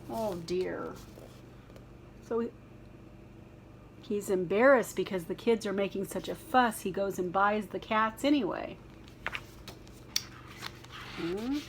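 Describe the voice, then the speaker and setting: A woman reading a children's picture book aloud, with gentle, chatty asides to young listeners. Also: medium pitch, gravelly, slight background noise.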